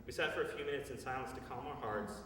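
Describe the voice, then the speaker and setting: A man's voice: medium pitch, quick pace, noisy background. A man in his thirties telling a personal story in an earnest, confessional way at a live storytelling show. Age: 30s. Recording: echoey live hall from far off.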